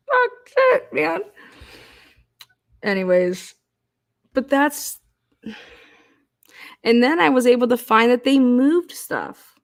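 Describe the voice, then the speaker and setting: A woman's voice: fairly high pitch, takes it slowly, vocal fry, pauses often. A middle-aged woman telling stories in a casual monologue, profane and exasperated, acting out quoted voices. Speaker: commentator on a criminal case.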